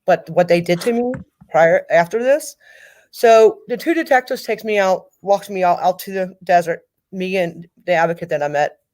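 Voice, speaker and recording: A middle-aged woman speaking as a grieving mother in an interview, talking in a halting way and repeating herself. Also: lowish voice, a little mellow. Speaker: guest, mother of a victim. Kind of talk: emotional interview over a call.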